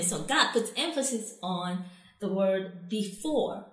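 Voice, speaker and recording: A woman's voice: mid-range voice, expressive, slow, a bit bright, reverberant. A Japanese woman co-hosting a casual language lesson, speaking slightly broken English and laughing often. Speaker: co-host teaching Japanese.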